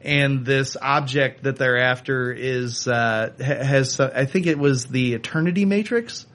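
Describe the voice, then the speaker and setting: A man co-hosting a casual podcast, reviewing a video game in quick bursts broken by fillers. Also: mid-range voice, fairly bright tone. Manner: talks fast in bursts, many fillers. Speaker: podcast co-host. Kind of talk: casual chat.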